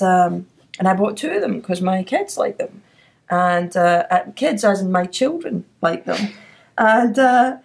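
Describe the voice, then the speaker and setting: A middle-aged woman with a Scottish accent hosts a relaxed podcast chat. She tells anecdotes in a lively, laughing way, with a voice of ordinary pitch. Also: vocal fry. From Scotland. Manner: chatty storyteller, laughs often. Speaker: podcast host. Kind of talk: casual chat.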